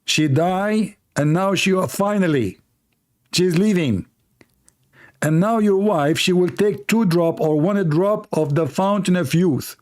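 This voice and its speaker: A man's voice: sits high, slow, darkish tone. Sarcastic man with broken English grammar. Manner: mocking, theatrical, with non-native grammar. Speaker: online show host. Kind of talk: sarcastic monologue.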